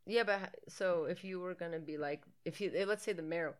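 A woman's voice: fairly low pitch, fairly quick. An American woman co-hosting a podcast, chatting casually and playfully, swearing and laughing often. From United States. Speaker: podcast co-host. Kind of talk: casual movie-riffing chat.

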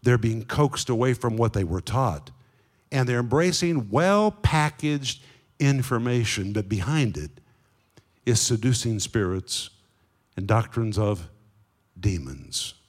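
A man teaching a sermon, explaining Greek words and slowing down to stress key phrases. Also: medium pitch, animated. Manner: explains Greek words and asks the audience questions. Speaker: Bible teacher.

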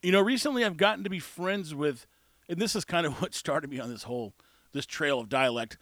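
Emphatic man with a high voice. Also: a little fast, a bit bright, no room sound. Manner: candid, emphatic, conversational. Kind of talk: casual monologue.

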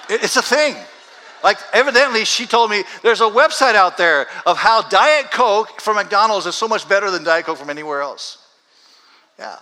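A man preaching a sermon in a church, talking conversationally and slowing down deliberately for scripture readings. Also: high voice, pushed and bright, slight background noise, rough recording. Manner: conversational, builds to urgent raised passages; reads scripture slowly and deliberately. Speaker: pastor. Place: church sanctuary with congregation.

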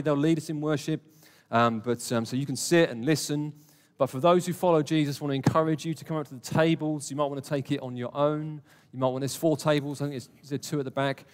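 A man delivers a sermon in a mid-pitched, conversational voice, earnest and direct, and often turns to question his listeners. His words carry a long reverb from the church hall around him. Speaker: preacher.

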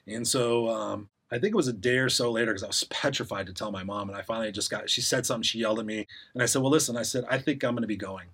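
Middle-aged male guest, husky and quick, rambling anecdotes with acted-out quotes. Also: fairly low pitch, a bit bright. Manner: rambling, acts out quoted voices. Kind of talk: casual storytelling interview.

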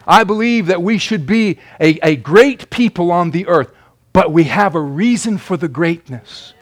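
A man preaching a sermon. He moves from loud, emphatic declarations to quiet asides. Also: sits high, unhurried. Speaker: pastor.

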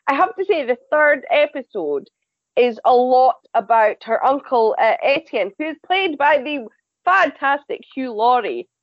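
A woman reviewing TV shows as a podcast panelist, chatty and animated, often stumbling and repeating words. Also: a little high, dry recording, lo-fi sound. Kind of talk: casual review chat.

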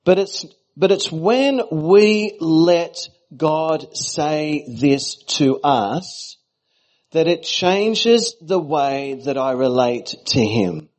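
A man's voice: on the high side, expressive, very slow, a little mellow, low-quality recording. A middle-aged Australian man preaches a sermon in a slightly raised voice. He keeps it conversational, with playful asides to the congregation, as a guest preacher.

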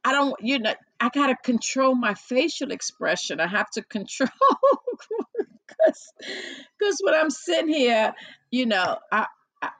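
A woman's voice: on the high side, lively intonation, unhurried, fairly bright tone, dry recording, poor audio. A woman hosting a podcast in casual chat with a caller, chatty and self-deprecating, laughing often and admitting she feels nervous. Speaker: podcast host.

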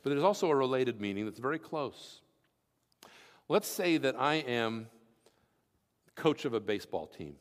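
A man's voice: mid-range voice, big pitch swings, measured pace, pauses often, in a large hall. A man preaching as pastor, reading scripture and explaining it with everyday examples in an earnest teaching tone. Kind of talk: sermon.

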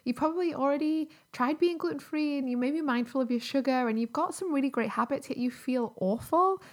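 A woman's voice: high-pitched, fairly quick. Chatty woman hosting a podcast. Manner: chatty, upbeat, with fillers like um and like. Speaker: podcast host and health coach. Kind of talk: casual solo podcast talk.

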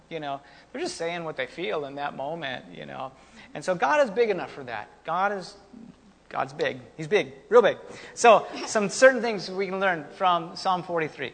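A man preaching a conversational, animated sermon as pastor. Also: high-pitched, moderate pace, gravelly. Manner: conversational, animated, folksy teaching with asides. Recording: long hall reverb.

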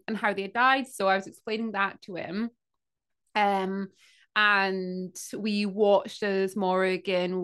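A woman's voice: mid-range voice, a bit bright. A woman co-hosting a podcast, telling a story in a chatty way and acting out the quotes. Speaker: podcast co-host. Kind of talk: casual storytelling.

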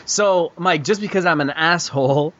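A man hosting a casual gaming podcast, excitable, swearing and laughing often. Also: fairly high pitch, normal speed, lo-fi sound. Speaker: podcast host.

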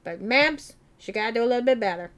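A woman doing a rough impression of a quirky male movie character with an odd accent, brash and clipped. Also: a little high, expressive, quick pace, a bit bright, pitched above the performer's own voice. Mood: boastful.

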